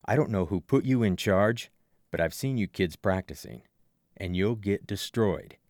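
Guy doing a pushy gruff ex-ballplayer, lower voice, dry sound. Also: expressive, moderate pace, darkish tone, no echo, natural voice. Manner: gruff, insistent. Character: pushy stocky male ex-ballplayer, middle-aged. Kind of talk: audiobook character voice.

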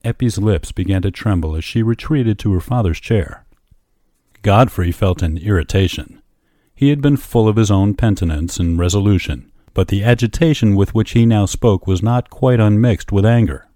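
A man narrating excerpts from novels in a measured, even reading. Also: fairly low pitch, dry recording, clean studio sound. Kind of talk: audiobook narration.

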